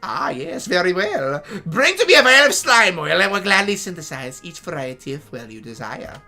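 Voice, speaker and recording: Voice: mid-range voice, sing-song, moderate pace, sharp tone, soft background music, full character voice. Gamer doing Hildolf, a pompous German-accented scientist. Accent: put-on German. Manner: pompous, formal, lecturing. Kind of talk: reading game dialogue aloud.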